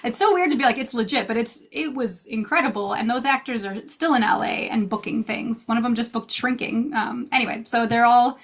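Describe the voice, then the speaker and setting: A woman in her thirties, an actress telling stories in a casual interview, bubbly and quick to laugh while acting out quotes. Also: a little high. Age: 30s. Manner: bubbly storyteller, laughs often, acts out quotes. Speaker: actress and guest. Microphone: video call.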